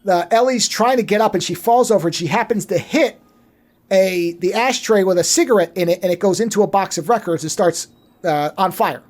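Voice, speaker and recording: Podcast co-host, casual film recap, animated storytelling, swears freely, mid-range voice. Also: mid-range voice, brisk. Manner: acts out characters' lines mid-story. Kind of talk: casual movie recap chat.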